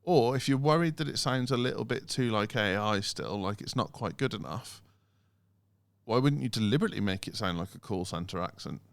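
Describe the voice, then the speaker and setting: A man co-hosting a casual podcast, animated and lively, breaking into mocking imitations of automated phone messages. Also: lowish voice, fairly quick, vocal fry, clear, resonant tone, no room sound. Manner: animated, mimics phone recordings in sing-song voices. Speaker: podcast co-host.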